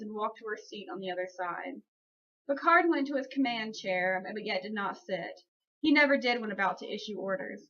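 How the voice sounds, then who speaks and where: A woman's voice: fairly high pitch, fairly bright tone, highs cut off. A woman narrating a fan-made audiobook, reading steadily and correcting small slips as she goes. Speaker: audiobook reader.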